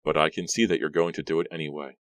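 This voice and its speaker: Guy doing a worried teen girl, exasperated, a bit higher than his own deep voice, audiobook. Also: steady tone, quick pace, dry recording, clean studio sound. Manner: pleading, exasperated.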